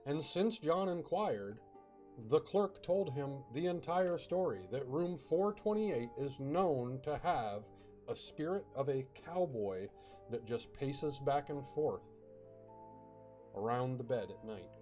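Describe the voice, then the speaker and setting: A man's voice: medium pitch, animated, slow, a little mellow, faint music behind. A man casually telling a ghost story, chatty, with fillers and bursts of dramatic emphasis.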